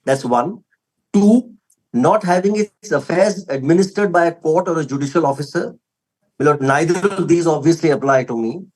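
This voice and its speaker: A man's voice: on the high side, moderate pace, darkish tone, husky, poor audio. A man with an Indian English accent arguing a case before a court, deferential and emphatic, addressing the bench repeatedly. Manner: deferential, peppered with "my lord", emphatic. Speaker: advocate arguing for a respondent. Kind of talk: formal courtroom argument.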